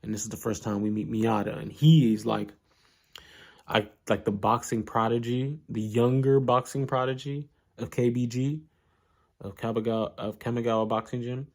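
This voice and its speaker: A man at a middling pitch talks through an anime story in a loose, casual way. His speech is slangy and full of fillers and asides. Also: flat delivery, moderate pace. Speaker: anime recap host.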